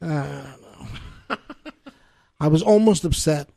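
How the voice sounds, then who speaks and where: A man with a notably high-pitched voice hosts a casual podcast chat and tells stories in an animated, exasperated way. He is recorded on a close mic in a dry space with almost no room sound. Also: takes it slowly, vocal fry, no room sound. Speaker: podcast host.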